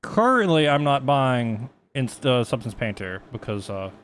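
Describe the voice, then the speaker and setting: A man's voice: mid-range voice, sing-song, unhurried, a bit bright, slight background noise. Profane, rambling man streaming a tutorial. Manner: rambling, profane, self-mocking. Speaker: streamer teaching 3D texturing. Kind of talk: casual live-stream tutorial.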